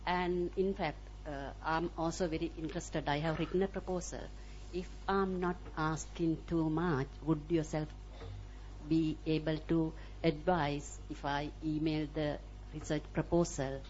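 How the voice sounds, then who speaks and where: A woman's voice: deep voice, fairly even intonation, unhurried, a little mellow. A woman in the audience asking a question, speaking hesitantly with many fillers. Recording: dull lo-fi recording.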